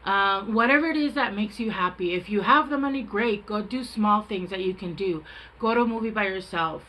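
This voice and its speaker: Woman tarot reader, bright clear voice, rambling, frank, casual spiritual chat. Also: mid-range voice, fairly quick, rough recording. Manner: rambling, chatty, self-interrupting.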